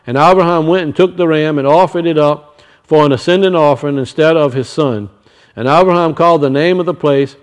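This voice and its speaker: A man's voice: a little high, smooth. A male preacher reading scripture and explaining it, often restarting his sentences. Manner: reads scripture slowly, then explains it with frequent restarts.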